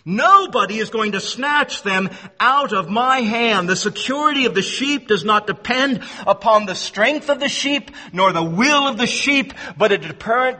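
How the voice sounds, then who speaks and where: Emphatic high-voiced preacher in a big hall. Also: male voice. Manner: emphatic, swings between loud stresses and hushed low words, repeats himself. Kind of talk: sermon. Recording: long reverb of a large hall.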